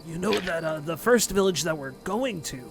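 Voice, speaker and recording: A game master voicing Ogoth, a deadpan male guide in a tabletop game, who talks slowly and haltingly. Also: medium pitch, creaky, music in the background. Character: odd gruff male guide.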